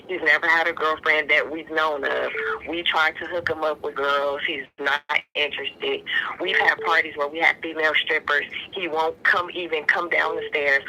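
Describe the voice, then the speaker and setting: A woman's voice: low voice, steady tone, moderate pace, bright, forceful tone, slight background noise, poor audio. A woman calling in to a live show, earnest and concerned as she explains at length. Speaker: caller. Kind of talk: phone call to a live show.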